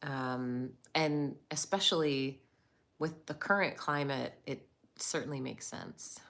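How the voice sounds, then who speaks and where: A woman's voice: extremely low pitch, takes it slowly, a bit bright. A woman hosting a casual live chat, greeting viewers by name and laughing often as she talks. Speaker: livestream host.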